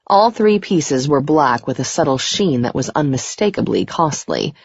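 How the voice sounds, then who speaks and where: Low, husky woman narrating an audiobook. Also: expressive, moderate pace, no room sound. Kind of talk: scripted first-person narration. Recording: dry, dull muffled recording.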